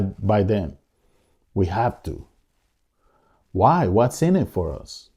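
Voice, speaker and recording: A man's voice: mid-range voice, dark tone. A man co-hosting a podcast, speaking with emotion, pleading and angry, repeating his phrases. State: angry and upset. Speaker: podcast co-host. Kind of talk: impassioned commentary.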